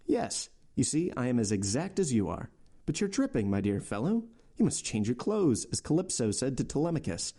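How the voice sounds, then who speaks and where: A man's voice: mid-range voice, sing-song, normal speed, mellow, pitched above the performer's own voice. A man voicing the Count, a worldly and commanding nobleman, in a raised, sweeping voice. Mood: genial.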